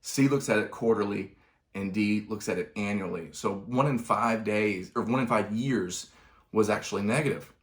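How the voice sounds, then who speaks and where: Low-voiced man teaching finance. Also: moderate pace. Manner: conversational, self-correcting, wry asides. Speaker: finance instructor. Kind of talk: explanatory video lesson.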